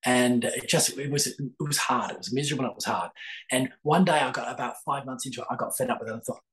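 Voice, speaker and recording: A man's voice: medium pitch, fast, a bit bright, poor audio. An older man, a guest telling a long story with many fillers and restarts in a podcast interview. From Australia. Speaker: guest, psychic author.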